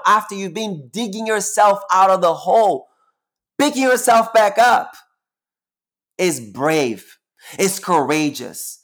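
A man's voice: high voice, a bit bright. A man hosting a live-streamed solo talk as a spiritual teacher, sassy and emphatic, preaching and repeating phrases for emphasis. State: close to tears at times.

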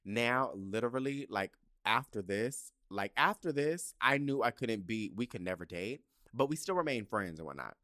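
A man hosting his own podcast, spinning casual stories with a lively, swooping delivery. He is campy and profane and acts out his own reactions. His voice sits at a middle pitch and sounds dry and close, with no room around it. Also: moderate pace, few pauses, no echo. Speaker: podcast host. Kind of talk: casual comedic storytelling.

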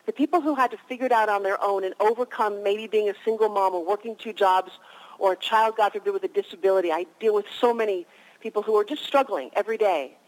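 Fast-talking energetic woman guest. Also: mid-range voice, poor audio. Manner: energetic, animated storyteller. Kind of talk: radio interview.

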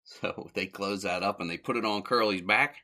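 A man's voice: on the low side, normal speed, pushed and bright. A man hosting a podcast, casually retelling an old comedy short, rambling a little, correcting himself and chuckling often. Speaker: podcast host.

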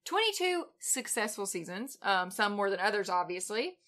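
A woman's voice: medium pitch, sing-song, normal speed, fairly bright tone. A woman co-hosting a casual sports chat, playful and laughing often. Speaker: podcast co-host.

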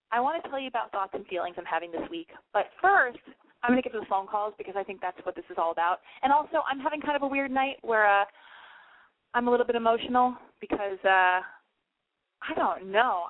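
A woman's voice: a little high, animated, a little fast, narrow, tinny audio. Frantic, swearing woman podcast host. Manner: frantic, swearing, self-mocking. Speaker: podcast host taking calls. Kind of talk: casual call-in podcast chat. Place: her apartment.

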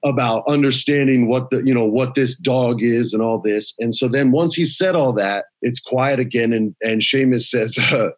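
A man in his forties, a guest on a podcast, telling stories in an animated way and laughing often. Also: moderate pace, few pauses. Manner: animated storyteller, drops low for quoted voices, laughs often. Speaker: podcast guest, actor and former wrestling writer. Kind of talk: casual storytelling.

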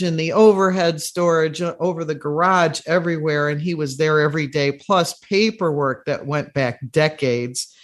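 Host, slow and unhurried, mid-pitched, conversational storyteller. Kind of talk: interview conversation.

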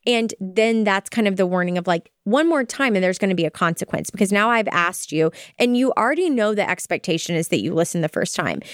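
Smooth-voiced woman co-hosting a chat. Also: mid-range voice, dry recording, studio quality. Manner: animated, acts out quoted talk with her kids. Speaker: podcast co-host. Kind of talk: casual chat.

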